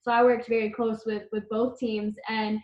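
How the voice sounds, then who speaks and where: A woman's voice: on the high side, little pitch movement, normal speed, a little mellow. Reflective woman on an echoey, muffled line. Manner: earnest, reflective. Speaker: college head tennis coach. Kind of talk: interview guest, casual talk. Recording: echoey, dull lo-fi call audio.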